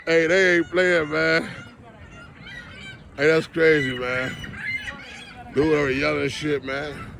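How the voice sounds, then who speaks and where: A man filming a casual comedy vlog outdoors on a city street, joking loudly, swearing and laughing as he talks. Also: fairly high pitch, little pitch movement, takes it slowly, vocal fry, long pauses. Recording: noisy street recording.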